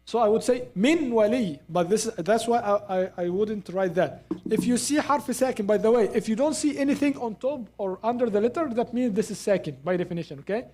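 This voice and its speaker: A Quran recitation teacher giving a live class at a mosque, repeating example sounds slowly and checking in with students. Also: mid-range voice, darkish tone.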